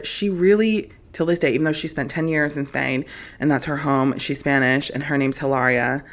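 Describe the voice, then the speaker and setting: A woman with a low voice hosts a solo commentary podcast. Her pitch swoops and jumps with every point she makes, and she sounds sassy and incredulous, talking straight to her listeners. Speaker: podcast host.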